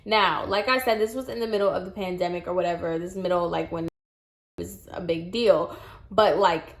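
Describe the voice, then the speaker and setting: A young woman telling a storytime vlog, animated and exasperated, acting out quoted dialogue as she goes. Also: on the low side, normal speed. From Puerto Rican heritage. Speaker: vlogger.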